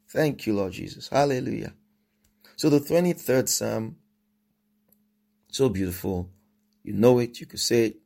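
A man preaching a sermon, reading scripture aloud and commenting on it, often repeating phrases and asking "all right?" as he swings between soft and emphatic delivery. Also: lowish voice, creaky.

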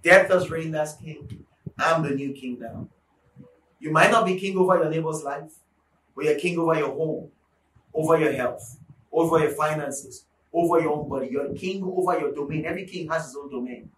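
A high-pitched man delivers a fiery sermon, repeating key lines for force and rising into shouts. He sounds set back from the mic in an echoing space, with a faint hum of noise underneath. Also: normal speed. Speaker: preacher. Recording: echoey room, mic at a distance, faint background noise.

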